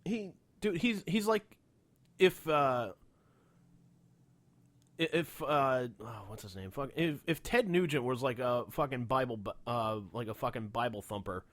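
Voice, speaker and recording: A man co-hosts a casual podcast in a medium-pitched voice at a measured pace, and the recording is dry. He swears freely and tells his stories with animation, acting out the people he quotes.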